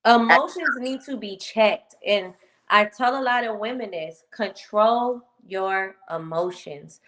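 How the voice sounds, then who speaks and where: Slightly high-voiced woman hosting a live stream, candid and emphatic, just chatting. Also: measured pace, a bit bright. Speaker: host. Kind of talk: casual live-stream talk.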